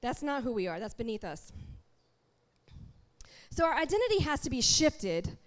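A woman preaching a sermon in a church, talking straight to the congregation in an animated, conversational way. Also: high voice, normal speed.

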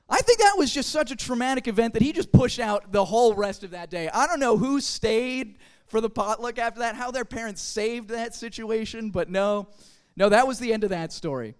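Animated young church storyteller. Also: mid-range voice, clear, resonant tone. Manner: animated, chatty, with casual fillers like "like" and "you know". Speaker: speaker at a church youth gathering. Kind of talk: humorous storytelling talk to a group.

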